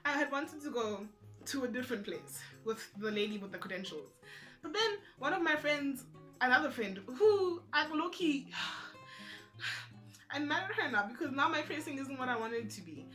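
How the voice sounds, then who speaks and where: Young woman vlogger, bright and a bit high, animated storyteller who acts out the dialogue. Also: normal speed, faint music behind. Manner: animated, acts out other people's lines in quotes. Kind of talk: casual storytelling to camera.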